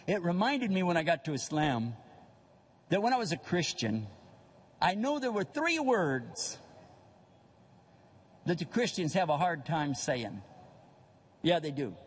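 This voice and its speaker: Older male preacher, high voice, animated sermon, mimics people for laughs. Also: measured pace, pauses often, slightly rough, in a large hall. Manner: animated, acts out voices of others for humor. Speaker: Islamic preacher. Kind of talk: lively religious lecture.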